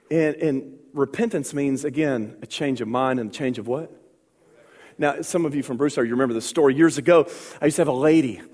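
A man preaching a sermon as pastor, calling for responses from the congregation and building to shouts. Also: on the high side, husky, big-room sound. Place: church.

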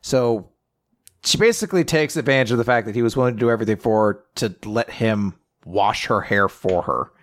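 A man co-hosting a podcast, casually recapping a manga chapter and quoting the characters in quick put-on voices. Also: on the low side. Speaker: podcast co-host.

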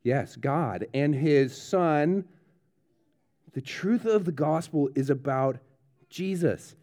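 A man's voice: fairly high pitch, expressive, slow, warm tone. A man preaching a children's sermon in a church service, telling a true story with dramatic build-up and checking in with the kids. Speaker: pastor.

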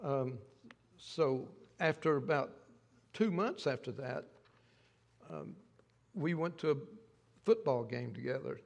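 An older man preaching a sermon as pastor, telling a story in a halting way and often repeating his words. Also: medium pitch, animated, gravelly, in a large hall.

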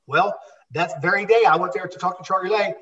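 An older man from Tampa talks fast and animated, his voice sitting high for a man. He is a former wrestler telling stories in an interview and acting out the people he quotes. The mic is set back and sounds dull and lo-fi. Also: far from the mic. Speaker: guest, former pro wrestler. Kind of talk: storytelling interview.

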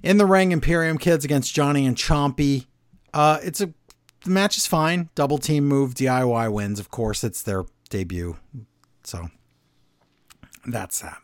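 A man's voice: mid-range voice, no room sound, clean studio sound. A man co-hosting a wrestling podcast, recapping the show casually and briefly mimicking what people said. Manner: quick recapping, acting out quotes in passing. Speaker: podcast co-host.

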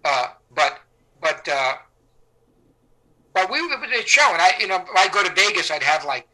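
A man's voice: high voice, normal speed, poor audio. A middle-aged man, an actor, telling stories casually in a rambling way, with many restarts and fillers, and acting out the people he quotes. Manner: animated, acts out the people he quotes. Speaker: actor, interview guest. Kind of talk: casual anecdotal storytelling.

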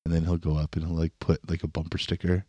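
A man co-hosting a podcast, rambling with halting restarts and swearing in casual chat. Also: a bass voice, little pitch movement, dark tone, dry recording. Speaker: podcast co-host.

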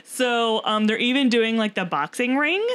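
A woman's voice: a little high, animated, normal speed, fairly bright tone, clear, resonant tone. A woman co-hosting a podcast in casual chat, talking loosely with fillers and laughing often. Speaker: podcast co-host.

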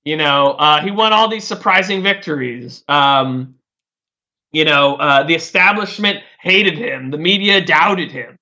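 A little high and a little slow, this man's voice carries a sharp tone. He's in a casual political chat, rambling with plenty of "like" and "uh" and repeatedly restarting what he's saying.

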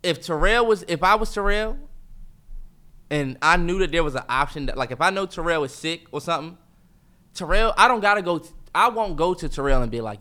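A young man co-hosting a podcast, talking in casual heated banter, animated and swearing, and mocking impressions of his brother. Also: a little high, brisk. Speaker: podcast co-host.

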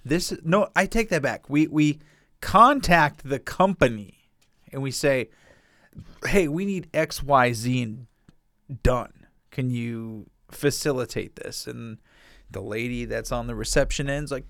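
A man chatting on a podcast, his pitch swinging widely as he tells stories. He swears freely and sounds animated. The recording is dry and close. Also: a little slow, no room sound. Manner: profane, animated storytelling with frequent laughs. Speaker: podcast co-host. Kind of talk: casual podcast chat.

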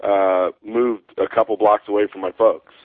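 A man's voice: fairly low pitch, little pitch movement, normal speed, no room sound. A man with an American accent, a comic book writer talking as a guest in a casual interview, rambling with many fillers and restarts. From United States. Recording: tinny phone line.

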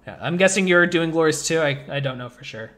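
A man hosting a casual movie podcast, rambling with lots of fillers and getting animated as he talks. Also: a little high, fairly quick. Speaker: podcast host.

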